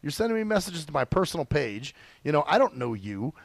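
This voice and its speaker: A man's voice: fairly high pitch, fairly quick, vocal fry, no room sound. A man co-hosting a radio show, chatting casually in a blunt, profane way. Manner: blunt and profane, lively asides. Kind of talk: casual chat.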